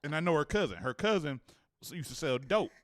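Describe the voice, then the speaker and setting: Casting: man from Cleveland, voice a touch high, rowdy laughing storyteller, dry close mic. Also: lively intonation, brisk, no echo. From Cleveland, Ohio. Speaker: podcast host. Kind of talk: casual banter.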